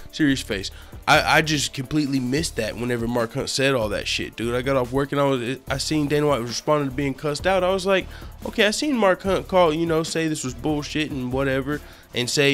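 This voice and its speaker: A man hosting a casual MMA news channel, cursing a lot and laughing often as he talks. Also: mid-range voice. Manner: profane, laughs often, excitable. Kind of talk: casual commentary vlog.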